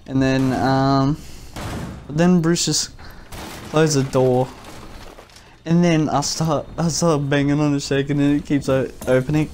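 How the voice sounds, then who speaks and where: A man's voice: medium pitch, a little hiss or hum. A young man, probably in his teens, telling a rambling, giggly personal story as a vlogger in casual speech. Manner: rambling, giggly, jumps into loud quoted voices.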